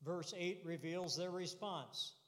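Man, preacher, sermon, slow unhurried delivery, earnest, emphatic repetition, church hall with long reverb. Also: high-pitched, fairly even intonation, fairly bright tone. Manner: earnest, builds to emphatic repeated declarations.

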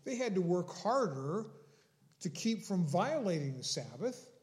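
A man preaching a sermon in a slow, deliberate way, leaning on key words. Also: high-pitched, very animated, darkish tone. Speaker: pastor.

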